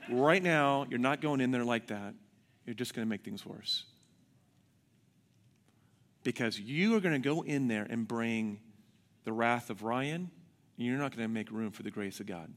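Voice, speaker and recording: A man voicing a stern pastor, speaking low, firm and commanding. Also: measured pace, pauses often, long reverb tail, close to an everyday voice. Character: stern older male pastor giving firm advice.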